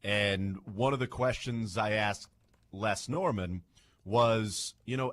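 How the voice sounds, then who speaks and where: A man's voice: fairly low pitch, unhurried, fairly bright tone. A man hosting a sports radio show, chatty and playful as he jokes with his co-hosts. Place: radio studio.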